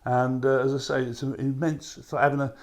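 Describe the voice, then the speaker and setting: A man's voice: medium pitch, little pitch movement, brisk. An older man with a Cockney accent, speaking as a guest in passionate, emphatic and down-to-earth chat in a live studio. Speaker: festival organiser guest. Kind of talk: passionate talk-show chat.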